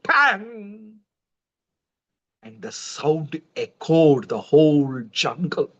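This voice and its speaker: A man tells a devotional story in a chatty, animated way and speaks to his audience directly. His voice sits fairly high. The sound is dull and lo-fi, as from a livestream. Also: slightly rough. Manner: conversational, animated, addresses viewers. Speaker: preacher, storyteller.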